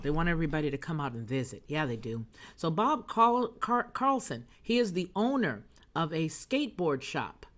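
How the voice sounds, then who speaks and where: A woman hosting a news and chat livestream, talking to her viewers in a sassy, emphatic way as she reads their comments. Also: fairly low pitch. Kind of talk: casual chat, reading chat comments.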